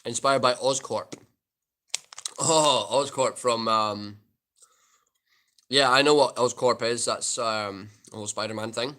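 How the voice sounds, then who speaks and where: A man's voice: mid-range voice, steady tone, a little slow, long pauses, pushed and bright, a little hiss or hum. Scottish man, casual livestream chat, reads comments aloud, talkative. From Scotland. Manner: chatty, reads comments aloud and muses on them.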